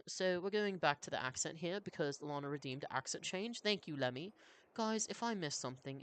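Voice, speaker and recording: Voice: medium pitch, a bit bright, a little hiss or hum. A streamer reads a story game aloud on a live stream, breaking off to chat with viewers. The talk is casual and chatty, with frequent asides. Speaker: streamer and voice reader.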